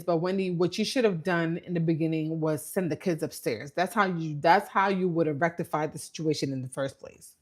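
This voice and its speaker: A woman hosting a casual reality TV recap, her pitch rising and falling as she tells the story. She talks animatedly and acts out what each person said along the way. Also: moderate pace. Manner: animated storytelling, mimicking quotes. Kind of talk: casual commentary.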